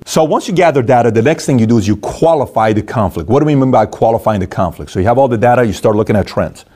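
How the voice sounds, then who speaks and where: A middle-aged man giving a motivational talk on handling conflict, animated and acting out the voices of people he quotes. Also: medium pitch, fast, few pauses. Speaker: motivational speaker.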